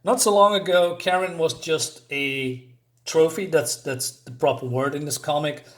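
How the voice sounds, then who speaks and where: Male comic reviewer, casual and rambling, full of fillers and restarts, somewhat high voice. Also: normal speed, fairly bright tone.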